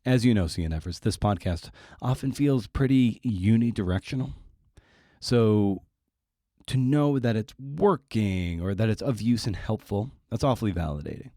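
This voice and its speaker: A low-voiced man hosting a podcast and riffing through the intro with salty, sardonic asides. His voice sits close and dry on the mic, with no room around it. He talks loosely and bluntly. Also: animated, normal speed, dark tone, dry recording. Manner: irreverent and profane, with wry asides. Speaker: podcast host. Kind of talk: casual monologue introducing a guest.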